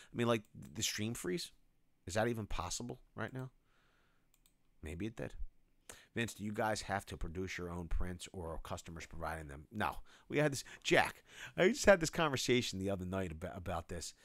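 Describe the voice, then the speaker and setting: A man hosts a casual livestream Q&A, calling out viewers' names and answering their questions. His pitch swings widely and he sounds animated. The recording is dry and close, with no room sound. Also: no room sound. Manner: animated, reads chat names aloud, shout-outs. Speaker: livestream host. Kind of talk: casual livestream Q&A, reading chat.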